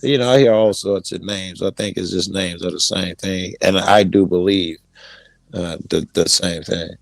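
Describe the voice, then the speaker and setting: Man, podcast guest, casual chat, halting restarts, low voice, gravelly. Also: fairly even intonation, dry recording. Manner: rambling, halting, many restarts and curses.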